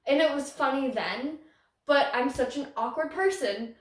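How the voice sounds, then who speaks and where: A woman's voice: sits high, moderate pace, distant mic. A young woman hosting a podcast, rambling through a casual story, self-conscious and often laughing. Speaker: podcast host. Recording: roomy echo, voice off-mic.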